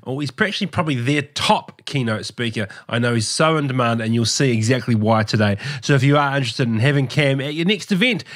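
A man's voice: mid-range voice, fairly bright tone. A man hosting a podcast, talking casually with lots of restarts and fillers. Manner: rambling, many fillers and restarts. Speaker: podcast host.

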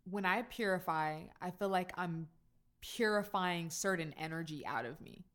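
A woman's voice: fairly low pitch, moderate pace, a bit bright. A woman talking casually and reflectively about her life as a mother. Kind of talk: casual chat.

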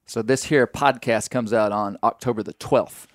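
Ein Mann aus dem amerikanischen Süden moderiert einen Podcast und erzählt locker und weitschweifig, mit vielen Füllwörtern. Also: male voice, mid-range voice, fairly even intonation, moderate pace, no echo, studio quality. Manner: folksy, rambling with fillers and restarts. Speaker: podcast host. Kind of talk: casual storytelling chat.

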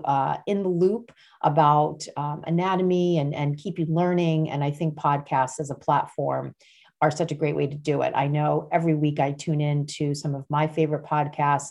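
Low-voiced woman podcast host chatting. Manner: warm rambling with frequent fillers and restarts. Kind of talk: casual personal chat.

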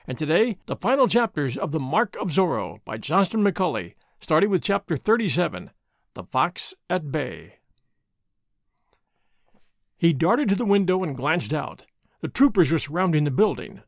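Guy reading an audiobook, high-ish voice that moves around a lot, dry close mic. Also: gravelly, dry recording. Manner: expressive, measured storytelling. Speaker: host and audiobook reader. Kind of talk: audiobook narration.

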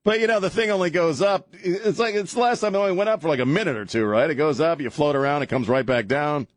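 A man's voice: fairly high pitch, fast, no room sound. A man hosting a talk radio show, rambling and joking in a casual on-air chat, often chuckling as he talks. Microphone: studio broadcast mic.

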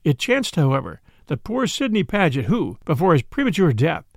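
A man narrating a memoir on a podcast in a measured, expressive storytelling manner. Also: a little high, vocal fry, no room sound, clean studio sound. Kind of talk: audiobook reading of a memoir.

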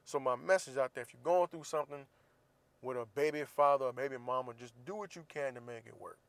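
A man in his thirties, casually telling a teasing story and giving blunt, profane advice in a relaxed monologue. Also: medium pitch, fast, no echo. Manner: laid-back, teasing, profane. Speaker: vlogger.

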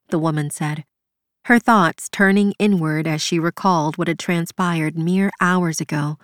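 A woman reads fantasy fiction aloud in a slow, measured, somber voice. Her voice sits on the lower side, and the recording is dry and close with no room sound. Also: fairly even intonation, fairly bright tone, no room sound. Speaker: audiobook narrator. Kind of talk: scripted narration.

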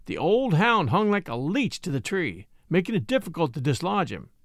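A man narrating a written adventure story aloud in a brisk, expressive storytelling manner. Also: a little high, no echo, clean studio sound. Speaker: audiobook narrator. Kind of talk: scripted narration.

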